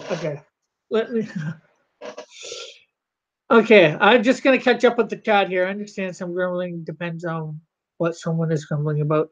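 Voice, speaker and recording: A comic artist with a mid-range voice livestreams casually from home, rambling and halting while reading the chat. The audio has its highs cut off.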